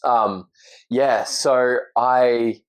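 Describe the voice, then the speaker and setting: A man's voice: mid-range voice, fairly even intonation, very slow, slight background noise. A young man speaks with an easy Australian accent in a middle register, talking openly and earnestly as a guest on a podcast. He laughs readily and shares personal stories without reserve. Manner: earnest, open, laughs easily. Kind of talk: casual chat.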